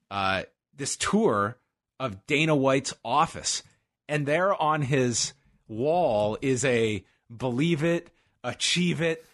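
A man's voice: medium pitch, fairly bright tone. A man co-hosting a podcast, telling rambling, jokey stories in casual chat. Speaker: podcast co-host.

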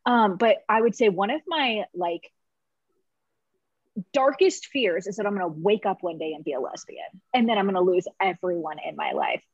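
A woman's voice: mid-range voice, expressive, moderate pace, breathy edge, no room sound, muffled recording. A woman candidly telling her personal story on a podcast, emotional and laughing through tears, with many fillers. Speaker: podcast guest.

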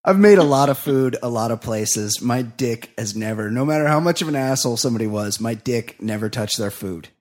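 A man hosting a comedy podcast, bantering excitably with lots of swearing. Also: medium pitch, brisk, few pauses. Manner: profane, excitable, laughing banter. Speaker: podcast host. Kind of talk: casual comedy podcast chat.

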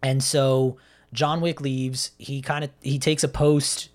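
A man with a mid-range, darkish voice speaks slowly and flatly as a podcast co-host recapping a film. He retells the story at length in casual chat, acting out quotes, with many fillers and restarts.

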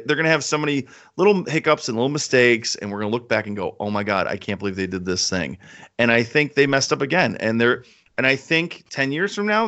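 A man's voice: medium pitch, a bit bright. A man chatting casually as co-host, enthusiastic and rambling, often repeating himself. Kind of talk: casual chat. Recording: slightly dull lo-fi sound.

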